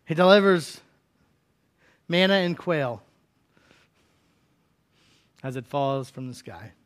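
A bright, fairly high-voiced man preaches a conversational sermon from the United States. He moves between raised, dramatic outbursts and quiet, slowed-down lines. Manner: conversational preaching, swings from loud acted cries to hushed low lines. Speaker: pastor.

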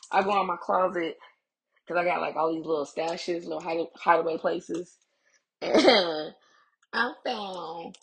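A woman in her thirties hosts a casual podcast from home, talking frankly and laughing often, with plenty of slang and cursing. Her voice is on the low side and gravelly. She sits a little back from the mic, so the room around her comes through with a roomy echo. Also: far from the mic. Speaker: podcast host. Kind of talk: casual chat.

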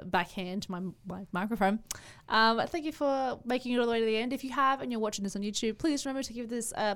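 A woman's voice: a little high, clean tone. A woman hosting a casual podcast chat, giggly and chatty, with frequent ums. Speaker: podcast host.

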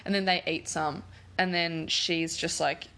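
A woman's voice: lowish voice, steady tone, a little slow, vocal fry, sharp tone. A woman in casual chat, retelling a film plot in a rambling, giggly way, full of fillers.

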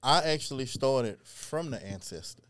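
A man from Louisiana, a historian and genealogist, telling his story in an earnest, animated way in a casual interview. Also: mid-range voice, moderate pace.

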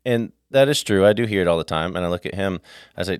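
A man's voice: low voice, fast, smooth, no room sound, studio quality. A man co-hosting a podcast, chatting casually and telling stories with acted-out dialogue. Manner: animated storyteller acting out dialogue. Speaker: podcast co-host. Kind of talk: casual chat, storytelling.

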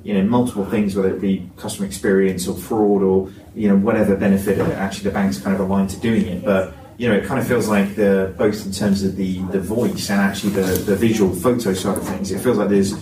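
A man's voice: sits low, flat delivery, fast, hardly any pauses, warm tone. Hesitant man, distant and roomy. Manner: hesitant, repeats words, many fillers. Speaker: podcast co-host. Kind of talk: casual panel discussion. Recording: roomy, distant mic with faint noise.

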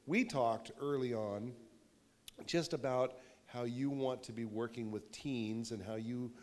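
A man's voice: medium pitch, measured pace. A man hosting and exhorting listeners in a sermon style, repeating phrases with a preacher's cadence. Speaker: pastor, host.

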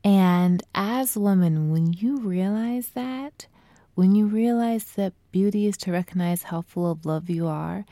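A young adult woman coaching women on feminine energy in casual talk, speaking softly and drawing words out, often dropping to a near whisper. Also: mid-range voice, unhurried, dry recording.

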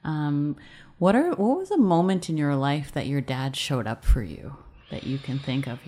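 A woman host asking reflective questions in a soft, thoughtful way. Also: low voice, expressive, moderate pace. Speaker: podcast host.

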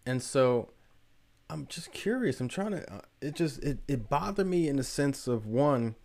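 A man's voice: medium pitch, animated, a little slow, darkish tone. A man hosting a podcast, telling a story in a casual monologue full of rhetorical questions. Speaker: podcast host.

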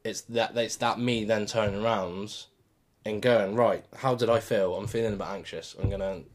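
A man's voice: lowish voice, fairly even intonation, normal speed. A man co-hosting a podcast, talking through advice in a casual, reflective way. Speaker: podcast co-host. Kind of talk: casual chat.

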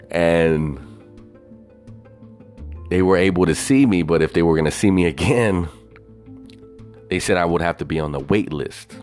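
A man's voice: low voice, measured pace, long pauses, a little mellow, faint music behind. A man doing a bossy, scolding middle-aged daughter. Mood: lecturing. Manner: lecturing, scolding. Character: bossy fifty-year-old woman, quick to anger.

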